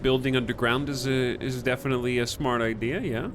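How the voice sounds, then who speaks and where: A man's voice: mid-range voice, fairly even intonation, fairly quick, noisy background. A man streaming a video game, commenting casually with sarcastic asides. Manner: sarcastic, mocking.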